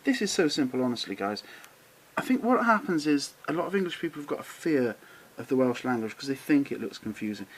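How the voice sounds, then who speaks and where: Chatty man with a lively voice. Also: medium pitch, poor audio. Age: middle-aged. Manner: chatty, encouraging, drawn-out careful pronunciations. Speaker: model railway channel host. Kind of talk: casual explainer to camera.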